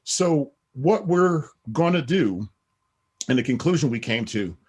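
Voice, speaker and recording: A man's voice: on the high side, animated, measured pace, a little mellow, breathy edge. A middle-aged man, a podcast guest, talking in a rambling casual way with many "you know what I mean" asides. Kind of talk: casual interview talk.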